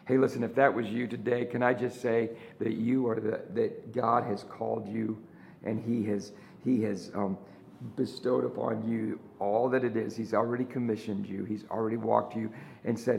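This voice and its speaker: A male pastor delivers an earnest sermon, repeating his phrases and piling up rhetorical questions. His voice has a gravelly edge in the low notes. The sound carries the roomy echo of a large church room. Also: steady tone, moderate pace, darkish tone, a little hiss or hum.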